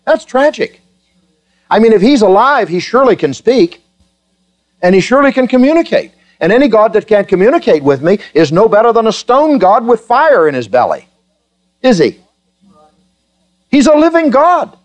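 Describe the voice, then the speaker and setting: A man's voice: high voice, big pitch swings, moderate pace. A man preaching a sermon to his congregation, joking with them in a chatty way and then building to fervent, emphatic preaching. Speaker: pastor.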